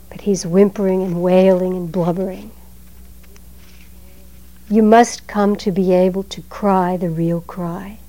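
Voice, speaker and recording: Slow, mellow woman giving a dharma talk. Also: lowish voice, rough recording. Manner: measured and emphatic, phrases trailing off softly.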